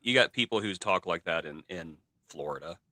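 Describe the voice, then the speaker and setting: A man's voice: sits low, expressive, normal speed, bright, forceful tone, dry recording, clean studio sound. A man in his late forties co-hosting a casual podcast, sarcastic and theatrical, with mock scolding. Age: 40s. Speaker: podcast co-host. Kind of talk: casual live-stream chat.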